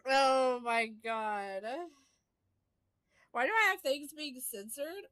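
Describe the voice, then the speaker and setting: Very high-pitched excitable woman streamer. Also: takes it slowly, no echo. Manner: excitable, bursts of laughter and shrieks, repeats "hold up" and "girl". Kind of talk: live gameplay commentary.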